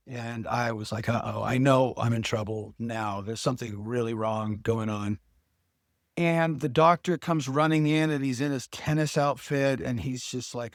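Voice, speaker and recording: A middle-aged man recounts his life in an earnest, conversational way. His voice sits in an ordinary middle pitch. The sound is close and dry, with no room around it. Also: normal speed, dry recording. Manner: earnest storytelling with quoted dialogue. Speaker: podcast guest. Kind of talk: personal testimony in casual talk.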